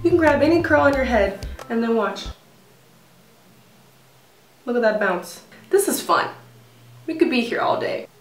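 A woman in her twenties, a vlogger, talking casually to camera in a bubbly, expressive way. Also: a little slow, pauses often, faint music behind. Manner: bubbly and expressive, swinging pitch.

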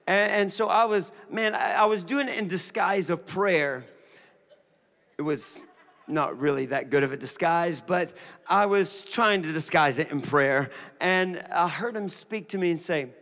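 A man, a pastor preaching a sermon, moving from relaxed storytelling to shouted declarations. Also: on the high side. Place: church sanctuary.

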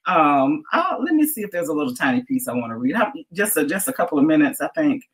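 A woman's voice: low voice, sing-song, fast talker, rough recording. A woman author chatting animatedly and reading aloud from her own story. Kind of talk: casual chat and reading from her book.

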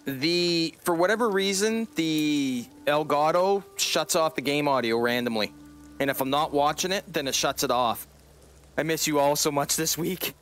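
A man's voice: on the high side, moderate pace, a bit bright. A man streaming a game live, chatting casually with his viewers, joking and swearing now and then. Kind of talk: casual live-stream chat while gaming.

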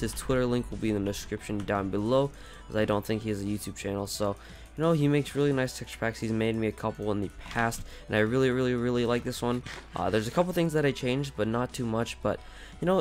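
A man casually commentating his own gameplay, rambling and chatty, with a groggy just-woken morning voice. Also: medium pitch. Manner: rambling, chatty, frequent fillers. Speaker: gaming channel host.

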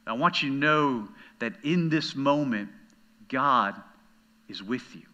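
A middle-aged man, a pastor, preaching a sermon in an earnest way that ranges from hushed comfort to loud storytelling. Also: mid-range voice, a little slow, highs cut off.

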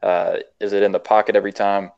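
A man who works as a baseball coach, answering in a casual interview, measured and listing his points with fillers. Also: on the low side, little pitch movement, darkish tone, clear, resonant tone. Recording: dull lo-fi audio.

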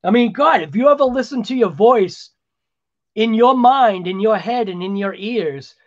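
Man, high voice, rambling casual editing talk, slightly muffled home recording. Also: expressive, moderate pace. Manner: rambling, chatty, self-deprecating asides. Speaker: RC hobby channel host. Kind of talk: casual voice-over while editing video.

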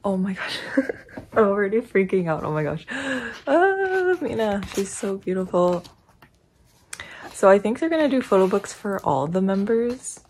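A young woman giggling and gushing excitedly as she unboxes and comments on a photobook. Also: mid-range voice, unhurried, a little hiss or hum. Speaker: unboxing vlogger.

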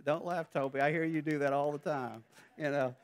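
A middle-aged man from Southern Arkansas with a Southern accent, preaching a sermon in a conversational way that builds to loud, emphatic passages. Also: a little high, steady tone, a little fast. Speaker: pastor.

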